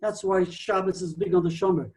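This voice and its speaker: A man, a rabbi, giving a digressive, animated Talmudic lecture peppered with Hebrew and Yiddish terms. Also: high-pitched, fairly quick. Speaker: rabbi teaching a Torah class.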